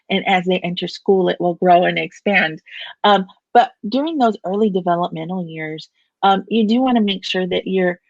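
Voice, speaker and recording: Calm woman therapist with a gravelly edge. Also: lowish voice, no room sound, muffled recording. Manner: measured, explanatory, frequent "um" fillers. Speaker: family therapist and play therapist. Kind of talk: expert interview answers.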